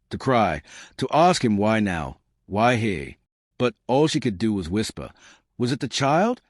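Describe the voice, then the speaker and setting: Male storyteller, low voice, lively melody, calm and expressive. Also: no echo, studio quality. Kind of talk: scripted story narration.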